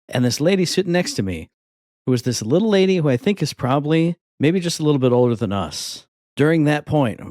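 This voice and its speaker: A man in his thirties co-hosting a podcast, chatting casually and telling rambling, animated stories. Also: medium pitch, a little fast, dry recording, studio quality. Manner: rambling, animated storytelling with voiced asides. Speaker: podcast co-host. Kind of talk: casual chat.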